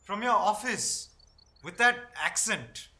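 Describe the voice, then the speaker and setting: A man's voice: sits high, lively intonation, takes it slowly, sharp tone, full character voice. An actor playing an anxious young male college student who presses his accusations. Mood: tense. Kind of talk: film acting.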